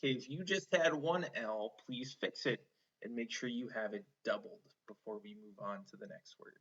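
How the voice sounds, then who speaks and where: A man teaching an online phonics lesson to children, slow and encouraging, stretching out each sound. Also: medium pitch, a bit bright. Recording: slightly dull lo-fi online lesson audio.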